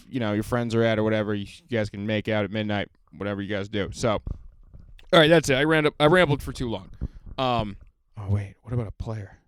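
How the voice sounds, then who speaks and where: A man's voice: medium pitch, clean tone, no echo. A young man hosting a comedy podcast in casual, rambling, profane chat, laughing often. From suburbs of Boston, US. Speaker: podcast host, stand-up comedian.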